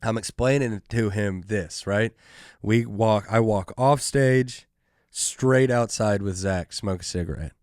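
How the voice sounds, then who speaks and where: Young comedian guy rambling through a story on his podcast, lots of likes and dudes, clean smooth voice, dry sound. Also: fairly low pitch, no room sound. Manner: animated, fast, full of "like" and "dude". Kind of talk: casual storytelling.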